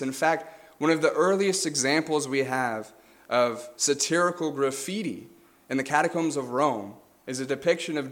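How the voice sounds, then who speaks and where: Earnest preacher man, slightly high voice. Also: a bit bright. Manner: earnest, measured, with self-corrections. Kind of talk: sermon.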